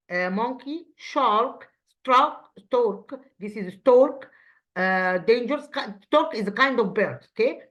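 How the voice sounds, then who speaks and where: A woman English teacher whose first language is Arabic, speaking with an Egyptian accent. She goes over exercises in a halting way, repeating words and checking with "okay?". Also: medium pitch, fairly bright tone, muffled recording. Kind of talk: revision lesson.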